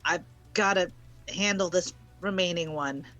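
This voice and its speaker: Tabletop player, bright tone, halting hesitant speech, faint music. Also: mid-range voice, lo-fi sound. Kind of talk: casual tabletop game play.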